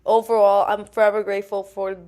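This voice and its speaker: A young woman hosting a podcast, telling animated, laughing stories in casual chat and swearing freely. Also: medium pitch, fast talker. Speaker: podcast host.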